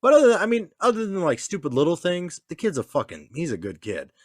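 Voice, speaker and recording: A man's voice: sits high, wildly swooping pitch, fast, no room sound, clean studio sound. A man in casual chat, a father telling crude stories with swearing and laughs. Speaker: podcast co-host, father.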